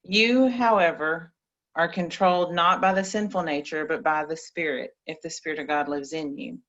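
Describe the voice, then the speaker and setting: A woman reading scripture in a measured way, then chatting playfully with a child on a video call. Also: sits low, fairly bright tone, dull audio.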